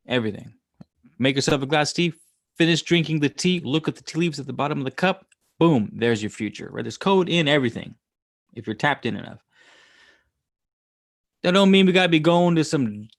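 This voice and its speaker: A man's voice: mid-range voice, creaky. A man hosting a casual livestream, reading scripture aloud and musing on it in a profane, irreverent way. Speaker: livestream host.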